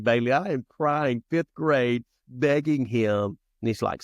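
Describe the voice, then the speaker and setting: A man's voice: mid-range voice, a little slow, hardly any pauses, no room sound, clean studio sound. A man in his fifties, a podcast guest telling personal stories in an earnest, conversational way and acting out scenes from his childhood. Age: 50s. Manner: lively storyteller who acts out childhood scenes; earnest, talks in restarts and asides. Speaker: podcast guest, founder and youth coach. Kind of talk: conversational storytelling interview.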